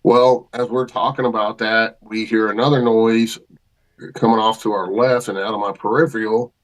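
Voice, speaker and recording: A man with a fairly low voice spins a story in plain, folksy speech. He talks casually, as a guest on a chat show, and piles on colloquial phrasing and lively detail. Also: normal speed, rough recording. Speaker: podcast guest.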